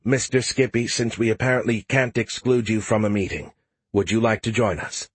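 A man voicing a measured, tired female president in an audiobook, in his own low voice. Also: steady tone, husky, no room sound. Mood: calm. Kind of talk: audiobook character voice.

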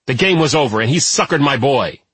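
A man voicing a blustering, aggressive lawyer father in an audiobook, with a husky voice. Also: mid-range voice, animated, brisk, a bit bright, no room sound, voice pushed up. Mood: combative. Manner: blustering, combative.

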